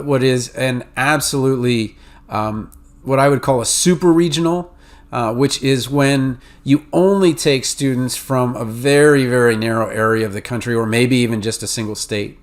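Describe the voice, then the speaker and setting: A man with a New England and Mid-Atlantic accent hosts a podcast, explaining in a casual, conversational way with lots of fillers and restarts. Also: mid-range voice. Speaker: podcast host advising pharmacy students.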